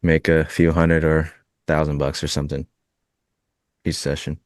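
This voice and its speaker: A man's voice: a bass voice, moderate pace, no echo, studio quality. A man trading futures on a live show, chatting casually and laughing often. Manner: relaxed, rambling, laughs often. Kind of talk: casual live-stream chat while trading.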